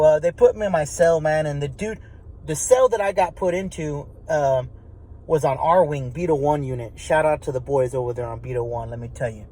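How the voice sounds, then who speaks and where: A Texan man tells a story in loose, everyday speech, swearing freely, circling back on his words, restarting often and checking in with the listener. His voice sits fairly high for a man and is a little mellow, and the recording is rough.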